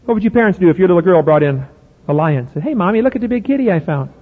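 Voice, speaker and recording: Middle-aged male preacher, high husky voice, folksy and emphatic, asks the crowd questions. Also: animated, rapid-fire. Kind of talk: sermon. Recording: phone-like audio in a reverberant hall.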